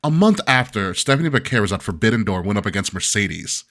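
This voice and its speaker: A man's voice: on the low side, sing-song, quick pace, a bit bright. A man hosting a podcast in casual chat, laughing often and joking loosely. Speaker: podcast host.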